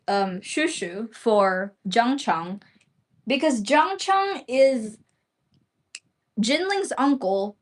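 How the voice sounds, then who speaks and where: A young woman talks casually on her own livestream, answering viewers as she goes. Her voice sits a little high, and her speech wanders with constant "like" and "um" fillers. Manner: rambling, heavy use of "like" and "um" fillers. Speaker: livestream host.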